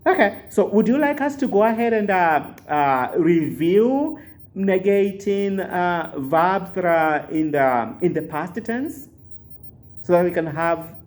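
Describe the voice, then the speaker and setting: A man teaching a language lesson on a video call, patient and repetitive, pausing often with filler sounds. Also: high voice, lively intonation. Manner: patient, repeats words slowly, many filler uhs. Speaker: Swahili teacher.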